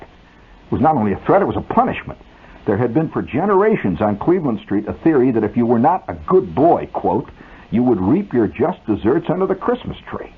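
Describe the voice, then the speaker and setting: A man's voice: on the low side, slightly rough. A man reading his own story aloud on the radio in a wry, vivid, mock-dramatic style, on a tinny old aircheck.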